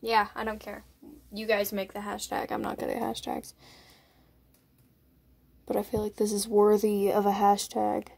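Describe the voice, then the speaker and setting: A woman's voice: mid-range voice, completely flat delivery, normal speed, gravelly, pauses often, a little mellow, husky. A woman vlogging on her phone at home, chatting and coaxing her pet rats at their cage. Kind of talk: casual vlog talking to pet rats. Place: indoors at a rat cage. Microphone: phone held up while filming.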